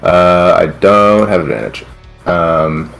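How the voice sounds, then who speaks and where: A man's voice: low voice, expressive, slow, creaky, a bit bright, faint music behind. A man playing a tabletop game, describing his character's moves in an easygoing way. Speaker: player.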